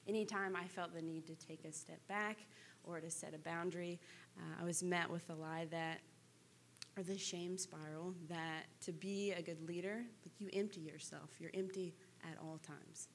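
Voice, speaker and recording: Woman, testimony, tearful and halting, soft, faint background noise. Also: lowish voice, steady tone. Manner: halting, soft, with many pauses and fillers. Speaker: church member giving testimony. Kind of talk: personal testimony.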